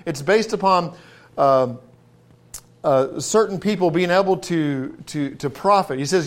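A middle-aged man preaching a sermon in a folksy way, building to emphatic, drawn-out stresses on key words. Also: on the high side.

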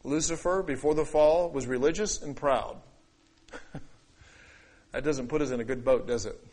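A man preaching a sermon, acting out quoted voices and scripture, swinging between loud declaiming and quiet asides. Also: mid-range voice, normal speed. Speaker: pastor.

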